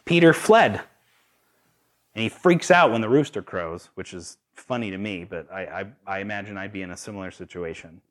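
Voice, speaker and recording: A man's voice: on the low side, normal speed. A man preaching a sermon, asking his listeners rhetorical questions. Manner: animated, asks the audience rhetorical questions.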